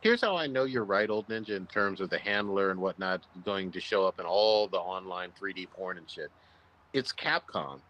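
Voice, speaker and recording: Co-host, man, loud-mouthed raunchy storyteller, emphatic delivery. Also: deep voice, moderate pace, muffled recording. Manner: crude, animated, emphatic storyteller. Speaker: podcast co-host. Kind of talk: casual chat, storytelling.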